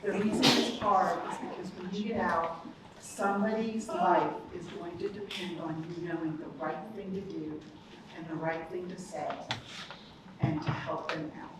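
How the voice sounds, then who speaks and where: A woman's voice: lowish voice, fairly even intonation, normal speed. A woman, a college dean giving an upbeat, chatty ceremony speech that speaks straight to the audience. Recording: echoey hall, distant mic, background noise.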